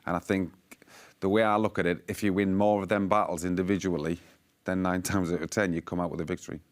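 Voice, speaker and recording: A man giving football analysis on a matchday show. His voice is very deep. He talks in a measured, rambling way and often restarts his sentences. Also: flat delivery. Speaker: football pundit. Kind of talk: casual pundit chat.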